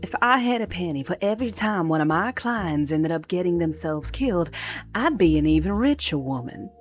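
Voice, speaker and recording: A woman voicing a brisk, worldly female lawyer who sounds dry and guarded. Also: fairly low pitch, expressive, faint music behind, natural voice.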